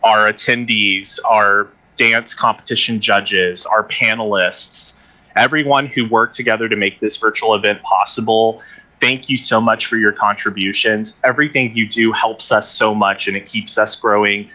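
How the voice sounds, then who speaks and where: A man organizing a convention, giving earnest, halting thanks on a livestream. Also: on the low side, fairly even intonation, pushed and bright, rough recording. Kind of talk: casual livestream closing remarks.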